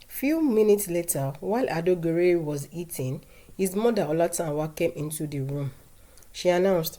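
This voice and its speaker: A woman narrating a scripted story in a measured, plain way. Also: low voice, warm tone.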